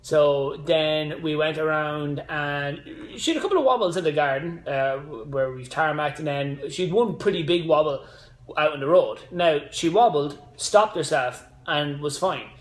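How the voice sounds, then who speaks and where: A man's voice: fairly high pitch, a little slow. A man in his thirties, a fitness coach hosting a casual live stream, rambling with side notes and motivational asides. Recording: echoey room.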